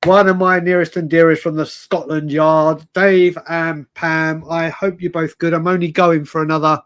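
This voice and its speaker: A man's voice: fairly high pitch, level tone, normal speed, a bit bright, clear, resonant tone. A tired man hosting a late-night live fan stream, ranting chattily with frequent stammers and restarts. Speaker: fan podcast host.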